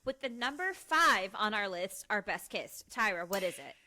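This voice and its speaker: A woman co-hosting a podcast in casual chat, eager and quick to agree. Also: medium pitch, big pitch swings, pushed and bright. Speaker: podcast co-host.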